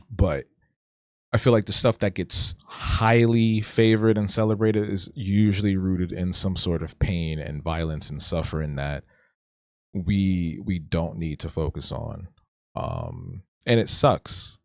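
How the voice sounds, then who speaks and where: A man's voice: sits low, a little mellow, no echo, clean studio sound. A man hosting a casual livestream, talking reflectively and rambling, often restarting and stuttering. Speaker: streamer hosting an art talk show.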